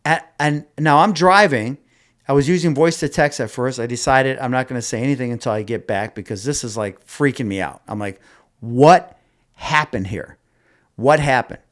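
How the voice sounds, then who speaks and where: A man's voice: mid-range voice, a little fast, a bit bright. A middle-aged man hosting a podcast, telling a dating story in a rambling, casual way, with many restarts and asides. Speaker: podcast host.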